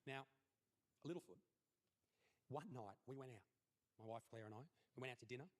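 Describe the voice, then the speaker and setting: A brash Australian man performs a stand-up comedy routine on a comedy stage, speaking briskly. His delivery is crude and mock-earnest, and his voice jumps high on the punchlines.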